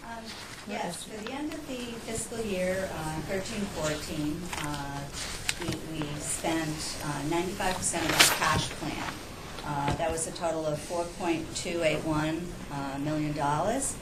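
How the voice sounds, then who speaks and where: A woman who is a director of administration, giving a financial report at a meeting with hesitant pauses and many uhs. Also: sits low. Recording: echoey noisy room recording.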